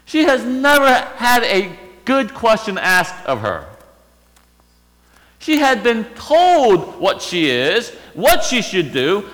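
A man's voice: very high voice, pushed and bright, long reverb tail, rough recording. A man preaching a sermon, retelling a story and asking rhetorical questions.

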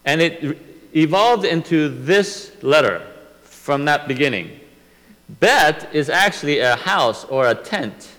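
A man teaching a Bible lesson, explaining slowly and step by step, often restarting his sentences. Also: a little high, animated, fairly bright tone, in a large hall, low-quality recording.

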